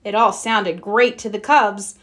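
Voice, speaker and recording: A woman's voice: mid-range voice, a little slow. A woman reading a children's storybook aloud, narrating and acting out the characters' lines. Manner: expressive, acts out characters' lines. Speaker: storybook reader.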